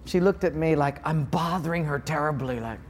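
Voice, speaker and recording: Older guy pastor preaching, animated, does little skits, echoey hall sound. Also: a little high, fairly quick, noisy background. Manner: animated, acts out scenes in playful voices. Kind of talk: sermon. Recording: reverberant hall.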